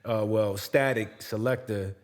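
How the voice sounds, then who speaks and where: A podcast co-host who is also a hip-hop artist spins loose, rambling stories in a casual chat. His voice is lowish and fairly even in intonation, at a measured pace, and he restarts and laughs as he goes.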